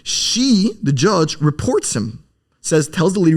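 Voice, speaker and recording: A man co-hosting a casual podcast conversation who retells stories in a quick, animated way. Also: on the high side. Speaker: co-host.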